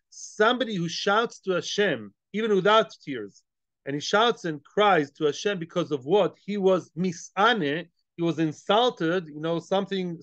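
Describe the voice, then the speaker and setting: High-voiced man teaching Talmud, dull and dry. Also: a bit bright, dry recording. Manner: explains Aramaic phrase by phrase in English, mixing in Hebrew and Yiddish terms; conversational, asks and answers his own questions. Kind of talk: daily Talmud class.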